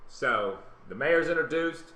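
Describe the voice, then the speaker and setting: A man with a Southern US accent hosting a live web talk show, telling a story in a casual, animated way and acting out other people's lines. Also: a little high, unhurried. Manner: animated, acts out quotes in other voices. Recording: roomy webcam stream with faint hiss.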